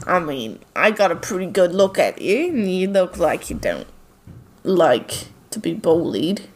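A woman's voice: fairly low pitch, sing-song, a little slow, a little mellow. A woman running a tabletop game as game master, narrating casually with lots of laughter. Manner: laughing, casual, many fillers.

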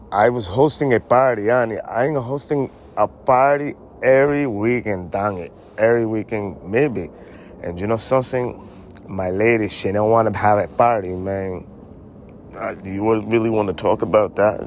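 A man's voice: fairly low pitch, moderate pace, a little hiss or hum. A man co-hosting a casual comedy podcast, rambling in slang and calling people honey and man. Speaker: podcast co-host.

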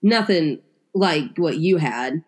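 A woman's voice: low voice, expressive, slow. A young adult woman in casual chat as a podcast co-host, rambling with lots of "like" and restarts.

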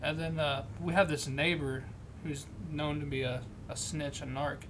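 A young man telling a story in a casual chat, loose and halting, often restarting his sentences. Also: a little high, flat delivery, fairly bright tone, a little hiss or hum. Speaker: guest.

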